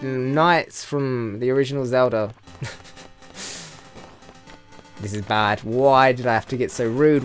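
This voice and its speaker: A British man talks over a video game in a mid-pitched voice, sarcastic and full of swearing. He goes from muttering asides to loud yelps when the action heats up. Faint game music plays behind him. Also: unhurried. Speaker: let's play host. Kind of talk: casual gameplay commentary.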